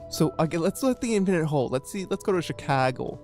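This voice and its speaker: Co-host streamer, excitable casual reaction chat, mid pitch, animated delivery. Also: fast, soft background music. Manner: playful, excitable, reads viewer messages. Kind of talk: casual live game reaction.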